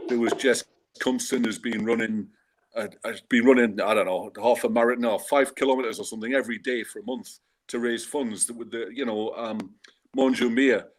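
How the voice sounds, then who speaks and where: A man of mid pitch tells a rambling story on a fan talk show, chatty and digressive. He drops in wry asides as he goes. His tone stays easygoing and conversational throughout. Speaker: guest fan and food bank organizer. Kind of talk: casual anecdotal storytelling.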